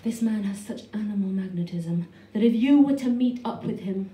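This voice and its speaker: A woman doing a plummy, breathy older mother speaking on the phone, put on in an echoey, noisy room recorded from a distance. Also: medium pitch, normal speed, dark tone, close to an everyday voice. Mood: theatrical warning.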